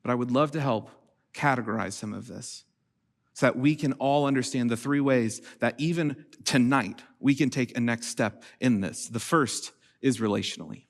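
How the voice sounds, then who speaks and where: A man in his thirties preaching a sermon as pastor, shifting from quiet storytelling to raised, emphatic delivery. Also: mid-range voice, normal speed. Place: church stage.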